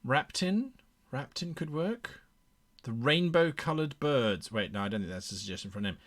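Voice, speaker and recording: A man hosting a live stream as game master, reading viewer suggestions aloud and brainstorming in a playful, animated way. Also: medium pitch, moderate pace.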